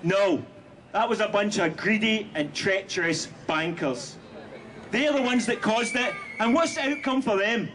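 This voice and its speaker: Guy yelling a high-pitched union speech at a street rally, lots of noise behind him. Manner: impassioned, rhetorical, shouting slogans. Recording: noisy outdoor rally audio.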